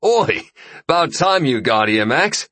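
A man's voice: medium pitch, very animated, brisk, a bit bright, breathy edge, no echo, pitched above the performer's own voice. A man voicing a rowdy bathhouse companion who scolds in slangy talk, in an audiobook. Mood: chiding. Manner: slangy, chiding.

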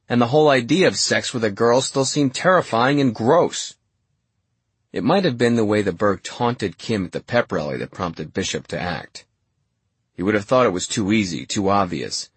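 A man narrating an audiobook in a measured, wry storytelling manner. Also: fairly low pitch, slightly rough, no room sound. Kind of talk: scripted narration.

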